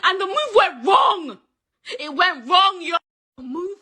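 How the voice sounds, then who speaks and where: A woman in an emotional Instagram rant, crying, shouting and swearing accusations. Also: extremely high pitch, sing-song, takes it slowly. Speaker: person in an online dispute.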